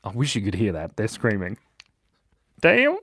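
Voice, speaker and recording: A man hosting a children's drawing livestream, chatting casually and reading out viewer comments in a playful way that swings between loud bursts and mumbled asides. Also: fairly low pitch, wildly swooping pitch, normal speed, breathy edge. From Australia. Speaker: livestream drawing host for kids. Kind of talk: casual live-stream chat reading comments. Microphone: mic set in a beard.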